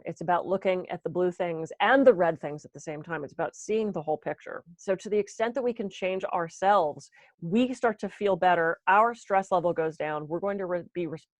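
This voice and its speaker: Fast-talking woman giving a wellness talk. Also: lowish voice, dry recording. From US East Coast. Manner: fast-talking, self-deprecating, acts out her inner voice. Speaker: wellness speaker. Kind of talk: conference talk. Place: conference room.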